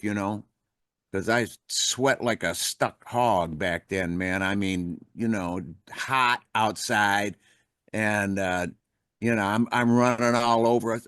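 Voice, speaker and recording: An older rock musician telling a long backstage story in a relaxed, rambling way, with plenty of swearing. He jumps into higher or lower voices when quoting others. His voice sits in a middle pitch and is recorded close and dry, with no room sound. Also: dry recording. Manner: rambling anecdotal, salty language, acts out quoted voices. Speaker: podcast guest, rock musician. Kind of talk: casual storytelling.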